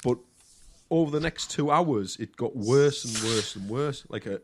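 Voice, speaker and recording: A man's voice: mid-range voice, animated, normal speed, noisy background. A man rambles through a crude personal story on a podcast. He hesitates constantly, stacking ums and restarts as he goes. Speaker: podcast co-host. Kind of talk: casual chat.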